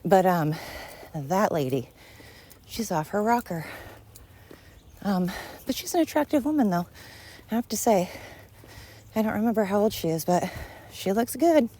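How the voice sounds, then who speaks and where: A woman's voice: mid-range voice, sing-song, a little slow, pauses often, warm tone. A middle-aged woman hosting a casual, rambling podcast monologue while walking uphill, chatty and blunt, swearing freely and poking fun at herself, a little out of breath. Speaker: podcast host. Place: outdoors walking, yard work noise around.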